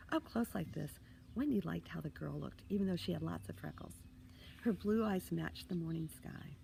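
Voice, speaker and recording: Gravelly-voiced woman reading a story. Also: sits low, moderate pace, a little hiss or hum, rough recording. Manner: expressive, dips into hushed asides. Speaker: author.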